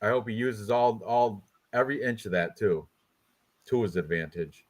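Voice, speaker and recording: A man with a fairly low voice speaks at normal speed while hosting a casual podcast show predicting fights. He rambles, jokes, and trash-talks with his co-hosts amid laughter.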